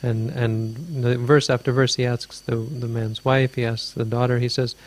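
A man's voice: mid-range voice, level tone, moderate pace. A man teaching as a Buddhist teacher, answering a question in a dharma talk with meandering, thoughtful storytelling.

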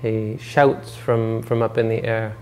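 A man giving a dharma talk, retelling a story in a relaxed, rambling way and correcting himself as he goes. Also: fairly low pitch, slow. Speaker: meditation teacher.

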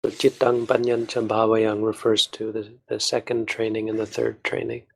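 A male monk guides a study group through a text, speaking in a patient, measured way. His voice has a gravelly fry and stays flat in pitch. He pauses and restarts as he works through each point. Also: poor audio. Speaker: Buddhist monk teacher.

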